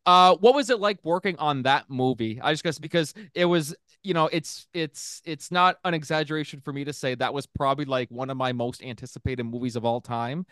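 A man's voice: fairly high pitch, fairly quick, few pauses, a bit bright, no echo, clean studio sound. A man hosting a casual podcast interview, rambling with lots of fillers and restarts, laughing often. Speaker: podcast host.

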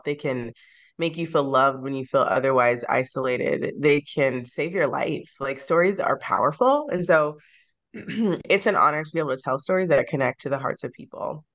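A woman's voice: low-pitched, normal speed, a bit bright. A woman author being interviewed on a podcast, speaking in a reflective, sentimental way and laughing easily. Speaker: guest author.

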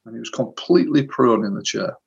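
A hypnotherapist tells a client story in an interview, in an earnest, vivid way. His mid-pitched male voice is gravelly and a bit husky. The audio sounds slightly dull. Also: brisk.

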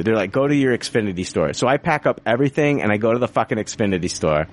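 A man telling a long, exasperated story in casual chat, swearing constantly. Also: fast. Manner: heavy swearing, exasperated, lively pitch.

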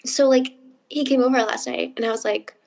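A young woman co-hosting a casual podcast, telling stories with lots of animation. She slips into the voices of the people she quotes. Her voice sits a touch high. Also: brisk, gravelly. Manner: animated storytelling, acting out quotes with big pitch jumps. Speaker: podcast co-host. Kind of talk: casual chat.

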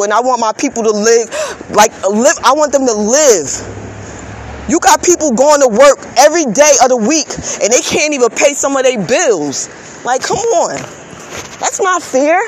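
A woman's voice: sits high, a little hiss or hum. A woman vlogger delivering an impassioned, profane rant. She stammers into restarts and keeps throwing rhetorical questions at her viewers. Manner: fervent and preachy, prone to stammered restarts. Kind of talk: impassioned social media rant.

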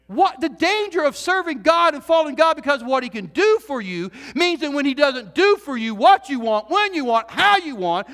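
A male pastor delivering an earnest, animated sermon, full of repeated phrases and questions put to the congregation. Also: very high-pitched, moderate pace, few pauses. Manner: earnest, animated preaching with repetitions and rhetorical questions. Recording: reverberant hall.

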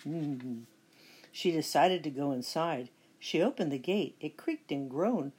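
A middle-aged woman reading a children's picture book aloud with expressive storytelling. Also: deep voice, a little slow, breathy edge. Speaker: storybook reader.

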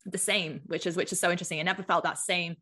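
A British business mentor, this woman chats casually as a podcast guest, peppering her talk with "like." Her voice is on the low side, steady, fast, bright and forceful.

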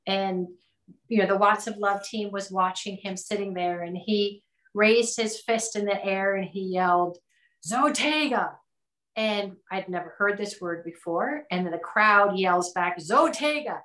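A woman founder recounts her experiences as an interview guest, animated and quick to act out what others said. Her pitch sits in a middle range. The room around her rings with noticeable echo. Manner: animated, acts out quotes, many restarts. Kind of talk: conversational storytelling. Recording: roomy echo.

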